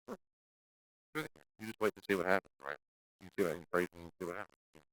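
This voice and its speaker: Teaching his church class, a male pastor talks in a low, slightly bright, sing-song voice at a fast clip. The recording is low quality with no echo, and he stays direct and conversational, restarting often and performing quoted lines in exaggerated voices.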